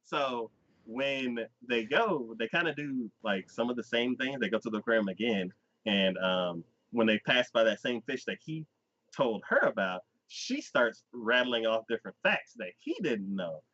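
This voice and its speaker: Animated male host, bright lively voice. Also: medium pitch, a little slow, dry recording. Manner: animated storyteller who acts out characters' lines in quoted voices. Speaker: podcast host. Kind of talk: casual chat recapping an anime. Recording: dull, dry lo-fi recording.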